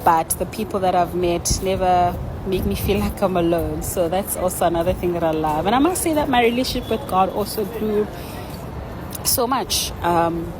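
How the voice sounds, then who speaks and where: Chatty South African woman, lowish voice. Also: moderate pace, noisy background. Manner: chatty and enthusiastic. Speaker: vlogger. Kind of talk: casual vlog chat.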